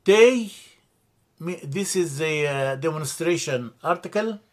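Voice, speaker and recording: A man teaching a language lesson from slides, slow and deliberate, repeating terms and correcting himself as he explains. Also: a little high, animated. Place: church classroom.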